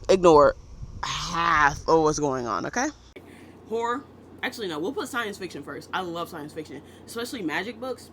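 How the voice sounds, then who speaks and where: High-voiced man rambling about books. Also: fairly bright tone, a little hiss or hum. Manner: chatty, self-interrupting, joking asides. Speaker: book vlogger. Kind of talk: casual rambling vlog chat.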